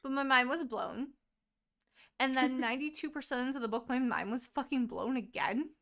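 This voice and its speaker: A woman co-hosting a podcast, retelling a book's plot in casual chat, animated and full of swearing. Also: high voice, normal speed. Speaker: podcast co-host.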